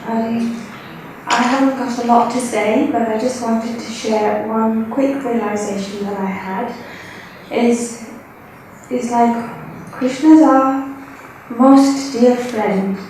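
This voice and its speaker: A woman sharing a personal realization at a retreat, emotional and halting. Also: on the high side, steady tone. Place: large hall at a retreat. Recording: echoey hall, distant mic, faint noise.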